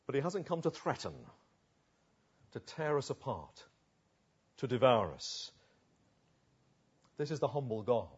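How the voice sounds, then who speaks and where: Expressive preacher, slightly husky. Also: male voice, medium pitch, highs cut off. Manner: expressive, varied delivery with slow emphatic pauses. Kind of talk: sermon.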